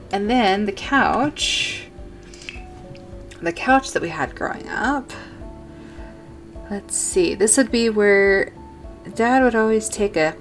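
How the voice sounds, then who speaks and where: Rambling woman narrating a game build. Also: medium pitch. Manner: rambling, self-correcting, thinking aloud. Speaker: gaming video creator. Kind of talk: casual commentary while building in a game.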